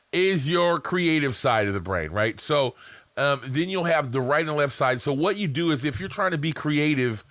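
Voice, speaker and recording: A man's voice: a little high, a bit bright, no echo. A man coaching beginner marketers in a casual, rambling, profane way, often mocking himself. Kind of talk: casual teaching to camera.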